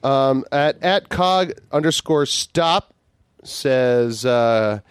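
A man's voice: mid-range voice, slow pace, clear, resonant tone, dry recording. A man hosting a podcast, chatting casually and reading out listener tweets, swearing freely. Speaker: podcast host. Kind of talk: casual chat.

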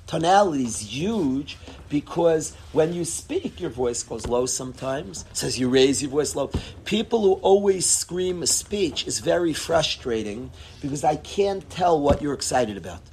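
A man teaching a Torah class in a casual lecture, expressive, swinging between low tones and loud bursts. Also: measured pace, slight background noise. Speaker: rabbi teaching students.

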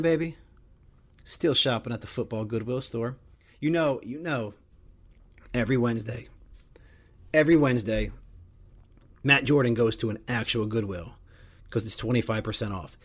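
Crude, joking middle-aged podcast host. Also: male voice, fairly low pitch, slightly rough. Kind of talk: casual sports talk.

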